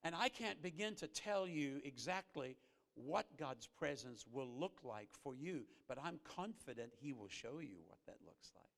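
A man preaches with earnest conviction, his gravelly voice climbing to emphatic peaks before sinking low and slow. He sits slightly high for a man. The sanctuary lends a long reverberant tail to every phrase. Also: lively intonation. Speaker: guest preacher. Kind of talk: sermon. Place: church sanctuary. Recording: reverberant church hall.

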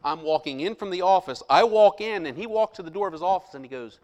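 A middle-aged man, a pastor, telling a personal story in a sermon, quoting others and dropping into a hushed voice for inner thoughts. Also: high-pitched, quick pace. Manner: animated storyteller, drops to hushed voice for quoted lines.

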